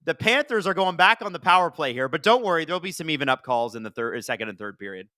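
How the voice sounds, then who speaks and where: A man hosting a live watch-along of a hockey game, chatting casually and reacting excitedly to the plays. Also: on the high side, fast, no echo, studio quality. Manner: chatty, excitable, swears casually, talks to chat. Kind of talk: casual live-stream commentary.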